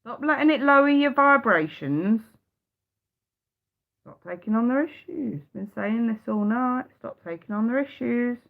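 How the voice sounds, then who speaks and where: Blunt, sweary tarot reader. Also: female voice, on the high side, animated, a little slow, gravelly. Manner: blunt, heavy swearing, emphatic repetition. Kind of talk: live-streamed tarot reading. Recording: dull lo-fi sound.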